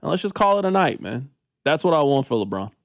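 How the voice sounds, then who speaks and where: A man co-hosting a casual sports talk radio show, riffing in an animated, incredulous, slangy way into a studio microphone. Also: fairly high pitch, quick pace, no room sound.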